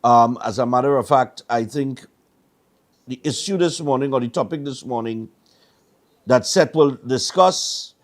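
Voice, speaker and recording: A man's voice: mid-range voice, a little slow. A middle-aged man with a Trinidadian accent, hosting a morning show and telling stories in a casual, rambling way with stammered repeats. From Trinidad and Tobago. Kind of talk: casual chat.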